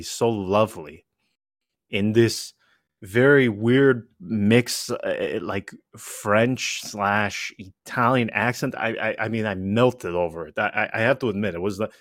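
A man's voice: lowish voice, no echo, studio quality. A man co-hosting a casual podcast, rambling through asides and restarts with emphatic energy. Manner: animated and emphatic. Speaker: podcast co-host.

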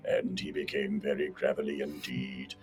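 A man putting on a gruff, grim older lighthouse keeper with a gravelly, joyless voice. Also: rumbling low, flat delivery, faint music behind, voice pushed down. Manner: slow, joyless.

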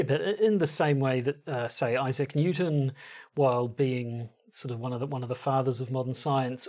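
A man's voice: mid-range voice, darkish tone. A man co-hosting a podcast in a casual chat, agreeable and hesitant, with many restarts and fillers. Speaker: podcast co-host.

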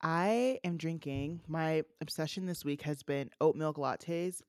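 A woman's voice: low-pitched, unhurried, no room sound, clean studio sound. A woman co-hosting a casual podcast, rambling along and filling her sentences with "like.". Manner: rambling, heavy on "like" fillers. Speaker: podcast co-host. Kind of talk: casual chat.

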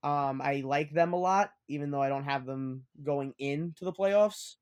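A man's voice: a little high, normal speed, clean tone. A young adult man hosting a casual sports podcast, talkative and steering the discussion with bold picks. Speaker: podcast host.

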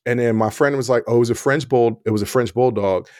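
A man's voice: medium pitch, fast, darkish tone, no echo, studio quality. A man hosting a podcast, chatting casually, laughing often and speaking straight to his listeners. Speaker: podcast host. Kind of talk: casual chat.

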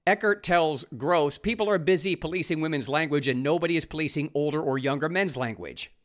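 A man's voice: fairly high pitch, fairly quick, a bit bright. A man hosting a podcast, delivering an opinionated solo monologue in a sarcastic, ranting manner and reading articles aloud with running commentary. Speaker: podcast host.

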